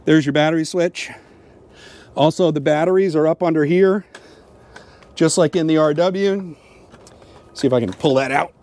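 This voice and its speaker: A man with a fairly high voice gives a relaxed, upbeat tour from inside a motorhome. He chats as he goes, pointing out details with lots of fillers. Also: moderate pace, long pauses. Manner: chatty, upbeat, points things out with frequent fillers. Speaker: RV travel vlogger giving a tour. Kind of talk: casual walkthrough tour.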